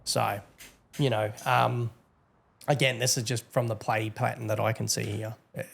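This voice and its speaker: Gravelly man with a lazy drawl. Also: medium pitch, flat delivery, normal speed. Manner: drawling, chatty, teasing, with many fillers. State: tired, yawning. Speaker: game server admin. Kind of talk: casual gameplay commentary.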